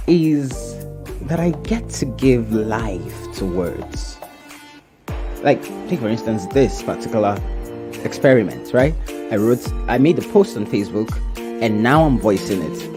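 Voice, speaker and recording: A man's voice: mid-range voice, animated, unhurried, over music. A man giving a playful, bubbly self-promotional voice-over demo. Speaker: voice-over artist.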